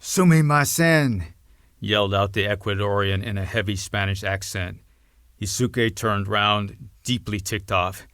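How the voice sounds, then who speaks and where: A man narrating a novel as an audiobook in an even, understated reading. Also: on the low side, measured pace, dry recording, studio quality.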